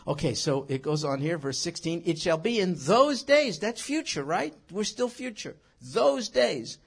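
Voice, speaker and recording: A man teaching scripture in an animated sermon, emphatic and full of rhetorical questions. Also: on the high side, measured pace, vocal fry, husky. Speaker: Bible teacher.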